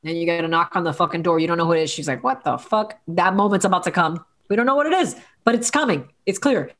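A woman co-hosting a casual movie podcast, animated and swearing freely, acting out characters as she retells scenes. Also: lowish voice, quick pace. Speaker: podcast co-host.

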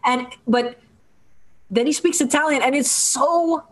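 A woman chatting casually as a podcast guest, enthusiastic and quick in banter. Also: high-pitched. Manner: enthusiastic, laughing, fast banter. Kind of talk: casual chat.

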